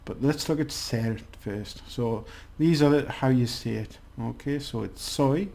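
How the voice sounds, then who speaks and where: A man's voice: mid-range voice, measured pace, vocal fry, darkish tone. A man giving a casual language lesson, chatty and rambling with many restarts. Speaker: language teacher.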